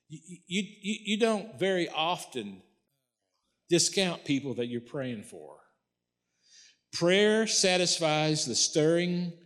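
A male pastor preaching a sermon in a folksy, conversational way, repeating phrases for emphasis. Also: on the high side.

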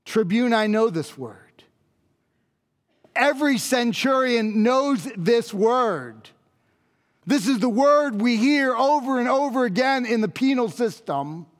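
A man's voice: very high voice, animated, slow pace, full character voice. A man performing a dramatic monologue as a Roman centurion, speaking intensely and pleadingly and repeating phrases for emphasis. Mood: solemn, awed. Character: Roman centurion, grave and awestruck. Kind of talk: dramatic first-person monologue. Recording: long reverb of a large hall.

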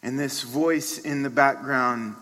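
Slow, forceful preacher in a reverberant hall. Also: male voice, mid-range voice, fairly even intonation. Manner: dramatic storytelling, swinging from hushed to loud. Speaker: pastor. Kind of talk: sermon. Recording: long reverb of a large hall.

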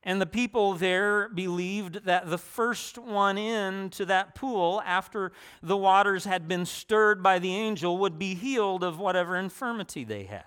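A man delivers a sermon in a relaxed, conversational way. His voice sits slightly high for a man, and he often backs up to restart a phrase or drops in a personal aside. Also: unhurried, hardly any pauses, clear, resonant tone. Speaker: preacher.

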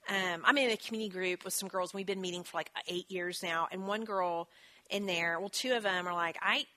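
A woman, teaching a church marriage class in a chatty, self-deprecating way with quick asides. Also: on the low side, steady tone, sharp tone. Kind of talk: teaching talk with scripture.

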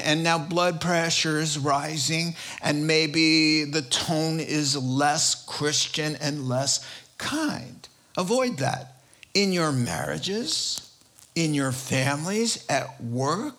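A pastor preaching a sermon, telling a story with frequent laughter. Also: male voice, a little high, expressive, takes it slowly, pushed and bright.

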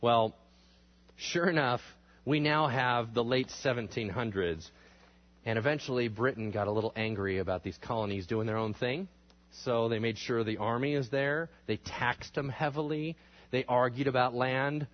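In a muffled recording, a man teaches a history class in a lively lecture style, speaking at a normal pace with a mid-range voice. He quizzes the class and acts out quotes using exaggerated voices.

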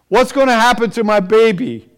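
A man playing a worried mother who softly coaxes her daughter and prays for her baby, in a high, earnest voice. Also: normal speed, clear, resonant tone. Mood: frightened. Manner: pleading, soft and earnest. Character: anxious Hebrew mother coaxing her young daughter.

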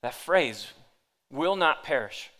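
A man's voice: on the high side, expressive, slow pace, pushed and bright. A man preaching a sermon to a seated congregation, reading scripture aloud with dramatic emphasis. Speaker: pastor. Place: church hall with audience.

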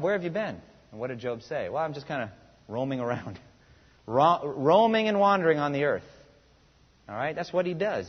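A man's voice: mid-range voice, husky. A male pastor preaching a sermon, asking the congregation rhetorical questions and reading scripture aloud with rising emphasis. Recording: muffled recording in a reverberant hall.

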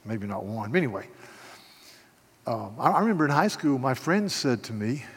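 Older preacher with a hall echo. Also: male voice, medium pitch, very animated, normal speed, husky. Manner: stammering restarts, builds from soft storytelling to loud preaching. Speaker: pastor. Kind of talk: sermon.

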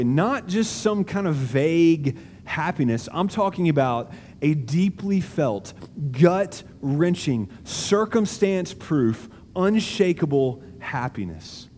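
A male pastor preaches in a large auditorium, leaning hard on key words and letting pauses hang. His voice sits a little high but sounds warm and mellow. A long hall reverb trails each phrase, with faint room ambience underneath. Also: sing-song, slight background noise. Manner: emphatic, slow deliberate preaching with dramatic pauses. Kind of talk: sermon.

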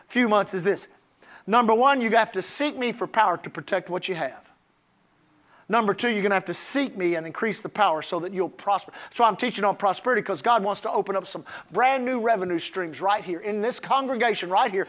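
Male pastor, sermon delivery, bright forceful tone, breaks into shouts. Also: high voice. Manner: preaching with emphatic, drawn-out scripture lines.

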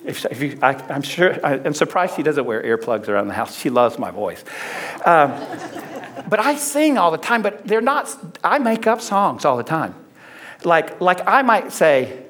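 A man's voice: fairly high pitch, sing-song, unhurried, fairly bright tone. A middle-aged man preaching a conversational sermon, repeating phrases for emphasis. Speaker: pastor.

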